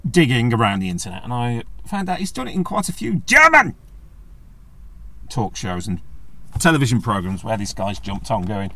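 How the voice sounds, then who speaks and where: A man's voice: on the low side, very animated, normal speed, pauses often, sharp tone, no echo. A man with a sweary, sarcastic manner, ranting casually in a vlog. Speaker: vlogger. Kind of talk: casual rant.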